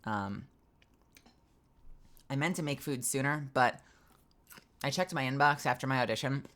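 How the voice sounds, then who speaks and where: A woman voice actor streaming from her home booth, telling a story in an animated way and acting out both sides of the conversation. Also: a bass voice, a little slow. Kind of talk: casual stream chat.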